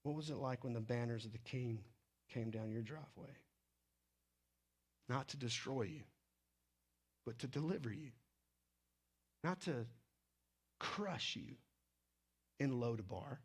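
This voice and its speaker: A man preaching a sermon, with animated delivery that swings between loud emphasis and hushed, low stretches. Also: slow, long pauses, breathy edge. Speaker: pastor.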